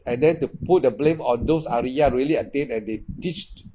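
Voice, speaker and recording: A man's voice: medium pitch, normal speed, dark tone, slight background noise, poor audio. Emphatic man. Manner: repetitive, emphatic, with non-native English grammar. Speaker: meditation teacher. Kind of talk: dharma talk.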